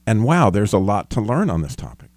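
A man's voice: fairly low pitch, very animated, fairly quick, a little mellow, no room sound. A man hosting a casual faith-based discussion, talking earnestly and self-deprecatingly with stumbling restarts.

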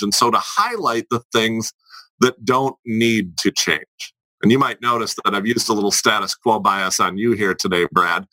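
A man who is a presentation coach, giving advice as a podcast guest in a deliberate, emphatic way that repeats key phrases. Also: fairly low pitch, bright, forceful tone, no room sound, low-quality recording.

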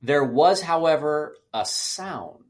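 Lively man dissecting a movie plot. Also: on the high side, slow pace. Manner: animated, acts out scenes in raised voices. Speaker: podcast co-host. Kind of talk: casual movie review chat.

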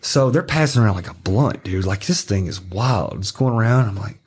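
A man's voice: animated, fairly quick, a little mellow, breathy edge. A middle-aged man from Arkansas, a podcast guest telling rambling, profane stories in casual chat and acting out other people's lines. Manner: swearing, rambling anecdotes, acts out others' lines in a high voice. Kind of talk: casual storytelling.

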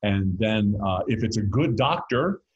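Middle-aged male guest, low husky voice, chatty storyteller who jokes and restarts sentences. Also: animated, a little slow, darkish tone, lo-fi sound. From North Carolina. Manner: rambling, self-interrupting, joking. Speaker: guest musician and author. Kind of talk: casual interview storytelling.

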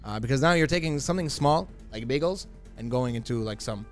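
A man's voice: mid-range voice, expressive, soft background music. Laid-back, slangy man in podcast chat. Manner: laid-back, quick short agreements, loose slangy phrasing. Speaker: podcast co-host. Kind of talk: casual chat.

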